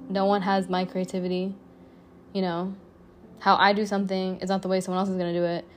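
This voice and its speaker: A woman's voice: mid-range voice, monotone, fairly quick. A young adult woman hosting her own podcast, talking in a blunt, profane, chatty way with lots of "like" fillers. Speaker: podcast host. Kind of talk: casual solo podcast monologue.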